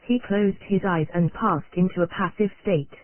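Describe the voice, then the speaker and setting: Narrating an old nonfiction text, this audiobook voice is mid-range, normal in speed, and evenly machine-like, with a thin phone-line tone that sounds dry, close and free of room sound. It reads steadily, spelling abbreviations out letter by letter.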